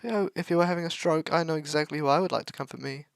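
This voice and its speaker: Giddy crushing schoolgirl squealing way up high, guy doing the voice. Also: racing, gravelly, clear, resonant tone, dry recording, studio quality. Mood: gushing. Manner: squealing, gushing. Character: giddy teenage girl with a crush.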